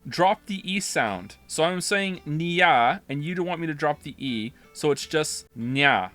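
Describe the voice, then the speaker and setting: Male streamer, rambling casual chat, bright, slightly high voice. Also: expressive, moderate pace, soft background music. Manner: rambling, self-interrupting, reading chat aloud. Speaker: live streamer playing a game. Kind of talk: casual live-stream commentary.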